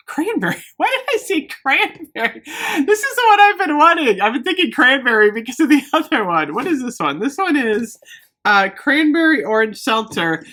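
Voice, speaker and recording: A woman vlogger chatting casually and excitedly as she shows off a shopping haul. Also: on the high side. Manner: bubbly, excitable, gushing. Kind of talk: casual haul video chat.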